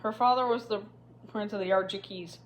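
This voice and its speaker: A woman voicing a guarded teenage boy who speaks in a cold, flat tone. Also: medium pitch, a little fast, a little hiss or hum, close to an everyday voice, poor audio.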